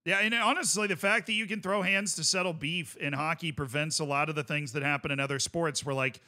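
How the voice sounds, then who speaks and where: Man, streamer, casual chat, enthusiastic, rambling, very bright tone, high pitch. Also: fairly even intonation, a little fast. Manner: enthusiastic and rambling, filler-heavy. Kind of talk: casual chat reacting to video clips.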